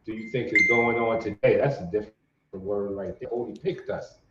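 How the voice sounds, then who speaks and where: A man's voice: fairly low pitch, a little fast, fairly bright tone. New man, easygoing host, echoey room, dull lo-fi audio. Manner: easygoing, drawled affirmations. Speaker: boxing show host. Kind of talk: casual chat, reading out viewer comments. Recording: roomy, dull lo-fi sound.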